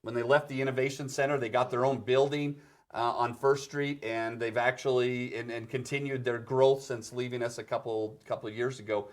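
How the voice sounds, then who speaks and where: A man's voice: mid-range voice, fairly even intonation, brisk. Encouraging male business show host. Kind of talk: interview chat.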